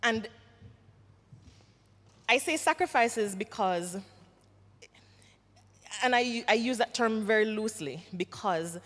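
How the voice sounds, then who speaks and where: A woman from Jamaica with a Jamaican accent, an actress answering questions at a symposium, telling her story with lively acted-out quotes. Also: fairly high pitch, takes it slowly, long pauses. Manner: animated storyteller, acts out quoted voices. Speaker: actress and guest speaker. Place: symposium hall. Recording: reverberant hall.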